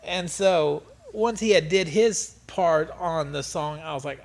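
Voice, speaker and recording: A middle-aged man telling stories as an interview guest, animated and profane, laughing often. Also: on the high side, a little slow, creaky, hardly any pauses. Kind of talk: casual storytelling interview.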